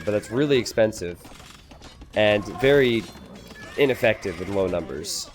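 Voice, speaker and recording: A man giving casual strategy game commentary, excitable, laughing and exclaiming at players' blunders. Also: medium pitch, fairly quick, a little hiss or hum.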